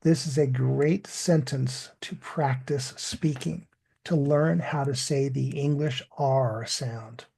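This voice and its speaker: A male English teacher speaking at a very slow, deliberate pace, stretching out words so learners can copy them. His voice is gravelly and dark, a little husky, and pitched slightly above the usual for a man. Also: steady tone. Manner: slow, deliberate, drawn-out model pronunciation. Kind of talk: online language lesson.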